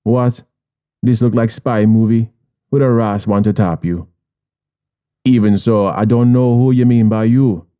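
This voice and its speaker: Jamaican man, audiobook narrator, streetwise, profane, very dark mellow voice, low pitch. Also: steady tone, a little slow, pauses often, clear, resonant tone. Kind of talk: first-person audiobook narration in patois.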